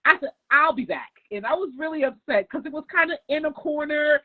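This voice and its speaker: A woman's voice: sits high, fast, narrow, tinny audio. A middle-aged woman, a guest nail artist, telling stories in a podcast interview and acting out the dialogue. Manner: animated, acts out quoted dialogue.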